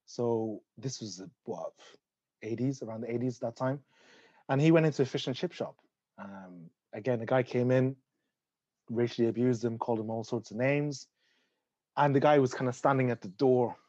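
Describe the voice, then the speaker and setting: A young Irish man telling a long personal story in casual chat, animated, swearing, and laughing often. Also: medium pitch, moderate pace, no echo, dull audio. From Ireland.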